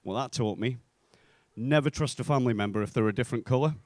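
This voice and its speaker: A young man from the North West of England, performing a stand-up comedy set in a club, delivering deadpan punchlines and acting out the voices of people in his stories. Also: mid-range voice, fast talker, slight background noise.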